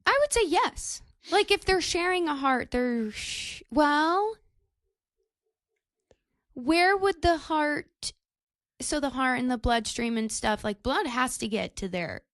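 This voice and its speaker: A woman's voice: high-pitched, lively intonation, slow, a bit bright, no echo, clean studio sound. A woman chatting casually on a podcast, enthusiastic and blunt, swearing freely. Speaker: podcast co-host. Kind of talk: casual chat.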